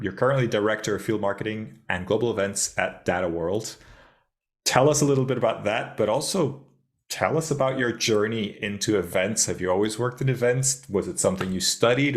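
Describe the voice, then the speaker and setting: A man hosting an interview podcast, friendly and chatty, often restarting his sentences. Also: on the low side. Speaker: podcast host.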